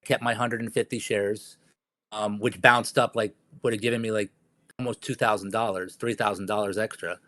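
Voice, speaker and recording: A man's voice: on the low side, fairly even intonation, normal speed, fairly bright tone, dry recording. A man guest in a casual investing chat, recalling his experience in a rambling way with many fillers. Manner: rambling, filler-heavy recollection.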